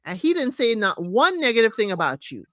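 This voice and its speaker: A talkative woman runs through the week's reality TV drama in a casual recap. Her voice sits fairly high, and the recording is close and dry with no room sound. She talks straight to her viewers and keeps calling them y'all. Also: brisk, dry recording. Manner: chatty, animated, addresses viewers as y'all.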